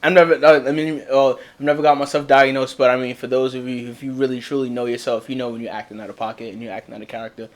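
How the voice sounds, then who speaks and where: Young male podcast co-host, candid and profane, animated storyteller, mid-pitched voice. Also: fast talker, few pauses. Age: young adult. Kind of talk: casual candid chat.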